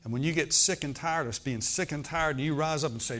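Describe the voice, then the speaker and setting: A man's voice: a little high, a little fast, hardly any pauses, bright, forceful tone. Preacher man telling a testimony. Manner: storytelling with frequent "Amen?" to the congregation. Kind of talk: sermon testimony.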